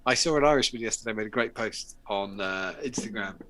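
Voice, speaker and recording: A man's voice: lowish voice, a little fast, a bit bright, slight background noise. A man, hosting a casual live chat show, chatty and sweary. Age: late 30s. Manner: sweary, chatty, laughs often. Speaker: host.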